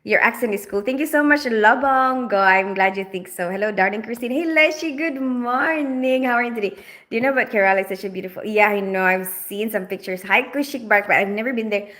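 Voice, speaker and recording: A Filipina woman whose accent blends Filipino and British hosts a livestream from her home, which is lit for the camera. Her voice is medium-pitched, quick, and slightly bright. She chats casually while reading out viewers' comments and laughs a lot.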